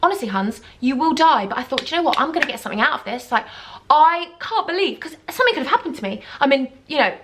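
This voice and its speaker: A young woman telling a dramatic, gushing storytime, acting out quoted voices with big jumps in pitch. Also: very animated, quick pace, noisy background. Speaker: YouTuber. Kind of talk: casual storytime chat.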